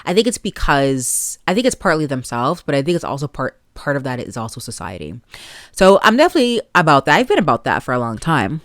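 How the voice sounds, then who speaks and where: Chatty woman host, low voice, dry sound. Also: sing-song, fairly quick, fairly bright tone, no room sound. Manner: rambling, chatty, with frequent likes and laughs. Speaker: podcast host. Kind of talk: casual solo podcast chat. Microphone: plugged-in podcast mic.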